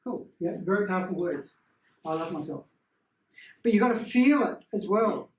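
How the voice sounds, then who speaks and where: Animated man teaching a small group. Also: high-pitched, normal speed. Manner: animated storyteller who acts out voices. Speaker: energy healing workshop presenter. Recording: roomy, distant room mic.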